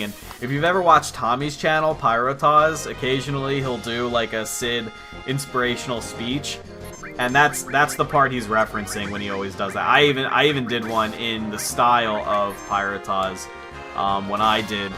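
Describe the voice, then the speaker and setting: A man hosting a let's play, chatting casually with joking, profane, rambling asides. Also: mid-range voice. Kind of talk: casual gaming commentary.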